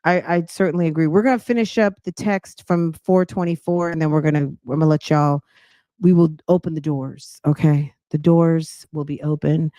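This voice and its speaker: A podcast host chats casually and a bit out of breath, speaking straight to her viewers with slang. Her low, mellow voice holds a steady tone at a moderate pace, with no echo in the recording.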